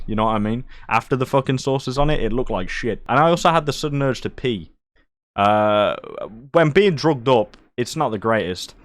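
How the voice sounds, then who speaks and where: A man's voice: fairly low pitch, lively intonation, a little fast, a bit bright, no echo. Profane man telling a story. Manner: crude, profane and jokey. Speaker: streamer. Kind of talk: casual storytelling.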